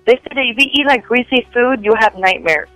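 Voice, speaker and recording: A woman's voice: on the high side, fairly quick, no echo, soft background music, low-quality recording. Chatty woman telling stories. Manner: rambling, lots of "like" fillers, animated quoting. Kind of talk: casual storytelling chat.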